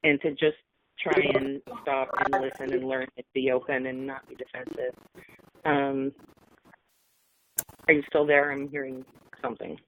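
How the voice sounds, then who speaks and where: A middle-aged woman sharing a personal account on a call, halting and emotional, with many fillers. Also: rumbling low, level tone, a little hiss or hum. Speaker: webinar speaker. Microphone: phone line. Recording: tinny phone line, dry.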